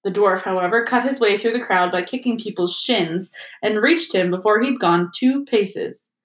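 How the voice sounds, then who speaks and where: A woman teacher reading a chapter book aloud to her students in a steady, expressive way. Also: mid-range voice, normal speed, roomy sound, rough recording. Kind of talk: storybook read-aloud.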